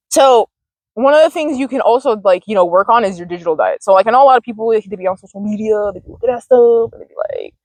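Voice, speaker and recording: A woman's voice: mid-range voice, fast, a little mellow, no room sound. A woman hosting a mindfulness vlog outdoors, chatting casually, laughing often and swearing freely. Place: outdoors, sitting on dirt.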